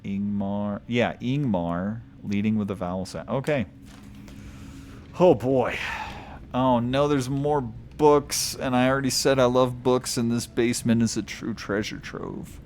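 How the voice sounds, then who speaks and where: A man's voice: mid-range voice, fairly even intonation, unhurried, darkish tone, slight background noise. A man streaming a video game, reading lore aloud in a casual way, stumbling over odd names and chuckling.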